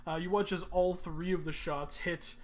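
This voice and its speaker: A man narrating as game master of a tabletop game, pausing often with ums and uhs. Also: sits high, steady tone. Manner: halting, many ums and uhs.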